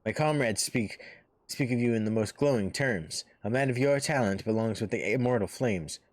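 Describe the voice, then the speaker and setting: A man voicing a smooth male officer of a desert city with a vague put-on accent. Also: mid-range voice, moderate pace, dry recording, natural voice.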